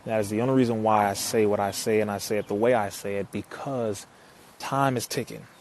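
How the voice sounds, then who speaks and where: A man's voice: fairly low pitch, steady tone, a little fast, slight background noise. A man talking to viewers on a live stream, reading their comments and answering them, preachy and emphatic, repeating his points. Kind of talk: casual live stream talk.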